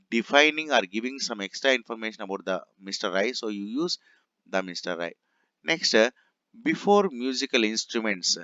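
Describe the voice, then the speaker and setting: A man's voice: on the low side, bright, forceful tone, clean tone, no echo. A man teaching a grammar class, explaining patiently and saying each example sentence twice. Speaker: English teacher. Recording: dull, muffled lo-fi recording.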